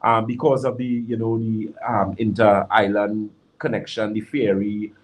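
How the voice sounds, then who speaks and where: A man's voice: lowish voice, little pitch movement, measured pace, low-quality recording. A man giving natural health advice on a live stream and answering viewers' questions. He talks emphatically and repeats key words for stress. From Trinidad and Tobago.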